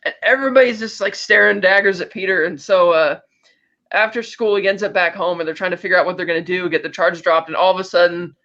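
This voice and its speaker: A man talks through a film's plot in a loose, rambling podcast chat. His voice sits high and bright. The sound is a little dull and lo-fi. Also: fast talker. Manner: rambling animated retelling with acted quotes. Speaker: podcast co-host. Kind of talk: casual chat, film recap.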